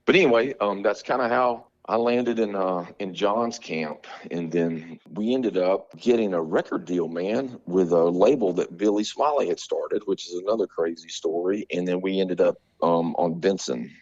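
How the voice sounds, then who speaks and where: A man with a fairly low voice tells stories in a relaxed interview, using plenty of slang and laughing as he goes. His recording sounds dull and a little lo-fi. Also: normal speed, few pauses. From Montgomery, Alabama. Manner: animated, laughing, slangy storytelling. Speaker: guest musician, drummer. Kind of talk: casual storytelling interview.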